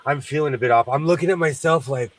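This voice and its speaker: A man's voice: on the high side, fast, dry recording, distant mic, low-quality recording. A man hosting a sewing livestream, congested from sinus trouble, chatting in a rambling way and laughing often. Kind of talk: casual chat while sewing.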